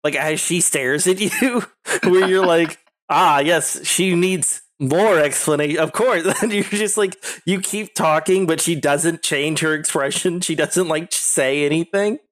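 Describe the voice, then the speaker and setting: A man's voice: fairly high pitch, unhurried, a bit bright. A man narrating a tabletop game as game master, rambling with lots of "like" and frequent giggles. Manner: giggly, rambling with many likes.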